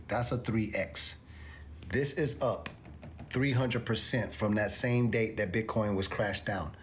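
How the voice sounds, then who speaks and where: Over faint background noise, a man with a voice on the low side runs a crypto livestream, guiding his audience through the charts. He's emphatic and says things again and again, working up to incredulous exclamations.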